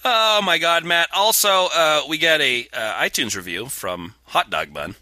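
A man's voice: medium pitch, lively intonation, measured pace, pushed and bright. A man co-hosting a podcast, chatting casually with a sarcastic, mock-indignant edge and reading out listener mail. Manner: reads listener mail aloud. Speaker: podcast co-host. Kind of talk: casual comedic chat.

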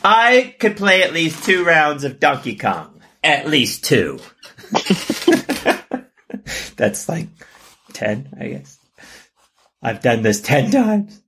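A man co-hosting a podcast in casual comedic chat, joking and laughing, often jumping into a high exaggerated pitch. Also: sing-song, takes it slowly, long pauses, pushed and bright, slight background noise. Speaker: podcast co-host.

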